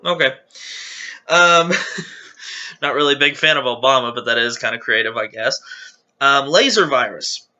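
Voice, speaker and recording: A man's voice: mid-range voice, moderate pace, sharp tone, highs cut off. A man hosting his channel, casually reading viewer jokes aloud with chatty, giggly, self-deprecating asides.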